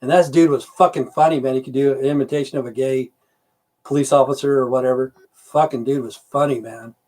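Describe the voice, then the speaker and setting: A man's voice: medium pitch, fairly even intonation, fairly quick, a little mellow. A middle-aged man chatting casually on a livestream, answering viewers' comments, rambling, swearing and losing his train of thought. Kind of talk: casual live-stream chat.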